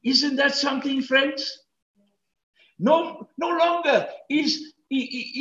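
A man preaching a sermon as pastor, swinging between loud emphatic peaks and hushed asides. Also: extremely high pitch, slow, reverberant, lo-fi sound.

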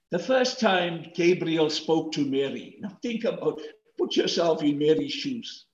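A man preaching a sermon as pastor, swinging between loud emphatic peaks and hushed asides. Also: on the high side, reverberant, lo-fi sound.

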